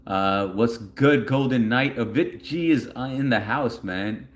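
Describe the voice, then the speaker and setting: A man's voice: mid-range voice, measured pace. A young man hosting a livestream in a casual, rambling way, reading chat messages aloud and answering them.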